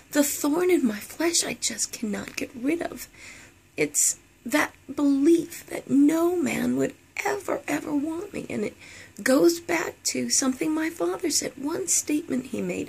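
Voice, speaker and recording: A middle-aged woman talking candidly and earnestly to her viewers, sometimes dropping into a soft whisper. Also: high-pitched, gravelly, slightly rough. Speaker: Christian counseling vlogger. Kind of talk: candid personal talk to viewers.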